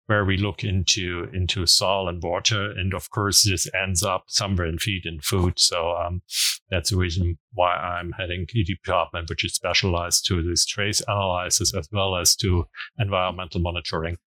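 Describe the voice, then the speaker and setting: A man's voice: low-pitched, level tone, normal speed, bright, forceful tone, no echo, rough recording. A man with a German accent, a guest scientist speaking English as a second language in a hesitant way, full of ums and uhs. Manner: hesitant, many ums and uhs, laughs easily. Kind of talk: interview answers.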